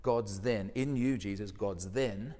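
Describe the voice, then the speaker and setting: A man's voice: on the low side, slow, mellow, in a large hall. A man preaching a sermon in a conversational way, full of rhetorical questions and rising emphasis.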